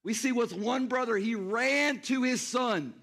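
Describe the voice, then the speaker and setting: A man preaching a sermon in a high-pitched voice. He is animated and talks straight to the congregation, pulling them in with questions. He acts out the scenes he describes. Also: a little slow. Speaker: pastor.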